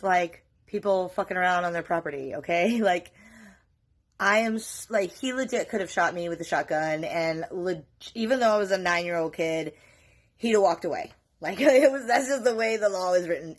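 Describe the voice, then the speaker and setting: A woman from North Carolina telling a story in a casual, profane, animated way, often laughing. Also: lowish voice, moderate pace. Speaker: vlogger.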